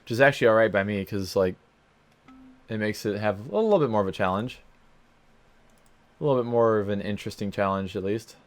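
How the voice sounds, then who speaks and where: A man's voice: fairly low pitch, animated, a little fast, pauses often. Rambling man narrating a racing game. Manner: rambling, self-mocking, sings silly stutters. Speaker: let's play gamer. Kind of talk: casual gameplay commentary.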